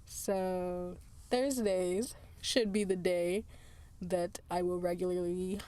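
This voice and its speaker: A woman's voice: lowish voice, fairly even intonation, takes it slowly, warm tone, clean tone. A woman hosting her own podcast in casual solo chat, tired, chatty and laughing often, drifting into asides. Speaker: podcast host.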